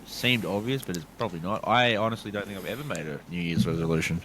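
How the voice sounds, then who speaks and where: A man, co-hosting a casual podcast chat, sweary and quick to laugh. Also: low-pitched, fairly bright tone, slight background noise. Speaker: podcast co-host.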